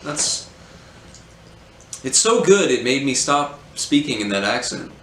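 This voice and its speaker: A man casually reviewing a beer, relaxed and hesitant with many ums. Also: mid-range voice, slow. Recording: roomy echo, faint hum.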